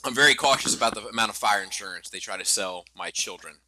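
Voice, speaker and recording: A man in his thirties co-hosting a podcast, telling a family story with animated delivery, cursing and restarting phrases. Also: fairly low pitch, quick pace, a little hiss or hum. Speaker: podcast co-host. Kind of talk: casual podcast chat.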